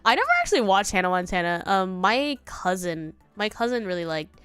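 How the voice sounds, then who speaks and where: A woman's voice: medium pitch, big pitch swings, a little fast, a bit bright, clear, resonant tone, no echo, soft background music. A congested young woman streamer chatting casually and rambling, now and then singing bits of songs. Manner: rambling, sings snatches of songs. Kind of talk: casual chat.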